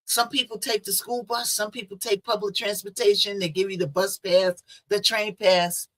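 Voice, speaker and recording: Woman host, bright voice, casual and talky, tosses in rhetorical questions. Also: medium pitch, level tone, moderate pace. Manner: chatty, conversational, rhetorical asides. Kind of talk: casual commentary on a news case.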